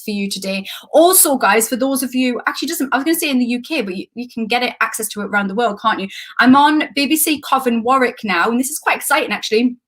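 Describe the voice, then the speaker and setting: A Geordie woman in her thirties talks through a live coaching stream from her home. Her voice sits a little high, and she rambles and wanders off topic in a chatty, self-deprecating manner. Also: a bit bright.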